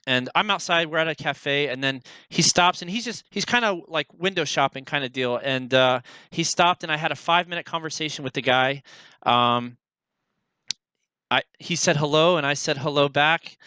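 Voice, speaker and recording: Halting young man, clear bright voice. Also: medium pitch, dry recording, rough recording. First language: English. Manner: halting, many fillers, searching for words. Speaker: language learner. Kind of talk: casual progress vlog.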